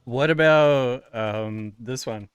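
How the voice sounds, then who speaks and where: A man's voice: mid-range voice, slow pace, clear, resonant tone, no echo, soft background music. A male streamer chatting casually with his live chat, playfully quizzing viewers on how they pronounce words. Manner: playful, teasing questions about pronunciation.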